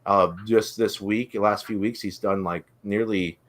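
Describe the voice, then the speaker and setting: A man's voice: on the low side, steady tone, moderate pace. A man chatting on a livestream as a guest, eager and talking on and on. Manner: eager, talks on and on. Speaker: guest vending operator. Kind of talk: casual livestream chat.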